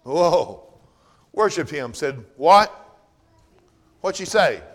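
Preacher guy, bit high pitched, loud then real quiet, drawly sermon rhythm. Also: sing-song, drawn-out words. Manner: swings from loud shouting to hushed, low-voiced speech.

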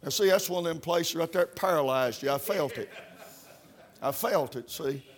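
High-voiced fervent preacher man. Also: animated, moderate pace. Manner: fervent, peppered with "uh, uh", climbing to shouts. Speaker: Baptist preacher. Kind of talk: revival sermon.

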